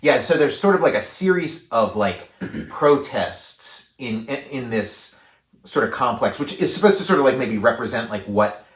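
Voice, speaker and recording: This podcast co-host, a man with a mid-range voice speaking at a moderate pace, rambles casually about a film. He's full of fillers and restarts and acts out quotes with animation. The recording has a roomy echo.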